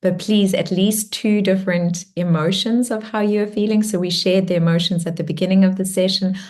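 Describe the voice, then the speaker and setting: A woman closing a guided meditation and warmly encouraging an online group as she reads out their comments. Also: mid-range voice, steady tone, a little fast. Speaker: meditation and spiritual workshop leader. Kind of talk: guided meditation close and live group check-in.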